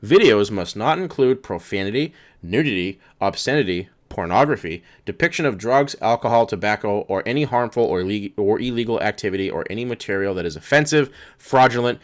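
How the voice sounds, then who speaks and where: A man's voice: lowish voice, expressive, fairly quick. A man ranting angrily and profanely while reading rules aloud in a vlog. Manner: profane, exasperated, sarcastic. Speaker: vlogger.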